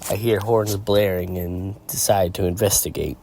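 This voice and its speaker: A man with a low speaking voice reads fan fiction aloud for his channel. His delivery is casual and plain, like storytelling. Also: steady tone, normal speed, creaky, warm tone, slight background noise. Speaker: channel host and narrator.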